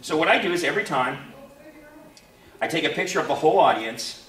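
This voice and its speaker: Male convention host, fairly high voice, animated storyteller, recorded from afar in a roomy hall. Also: a little fast. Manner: lively storyteller, acts out the people in his story. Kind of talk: animated anecdote to a live audience. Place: convention panel room. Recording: echoey room, voice from far off.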